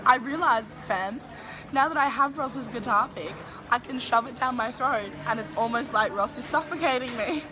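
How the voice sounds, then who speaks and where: A young woman chatting casually to camera in a vlog, giggly and jokey, full of fangirl excitement. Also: a little high, normal speed, over music. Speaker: vlogger.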